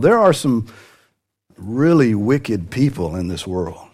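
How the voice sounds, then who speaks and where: A man's voice: mid-range voice, sing-song, slow pace, a little mellow, slightly rough. A man preaching a sermon to a congregation, with light humor and sudden rises in his voice for emphasis. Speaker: pastor.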